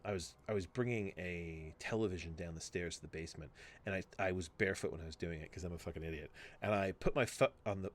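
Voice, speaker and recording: A man co-hosting a podcast, telling a story in casual chat, acting out what others said and swearing freely. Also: deep voice. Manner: animated storytelling, swearing, acts out quoted voices. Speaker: podcast co-host.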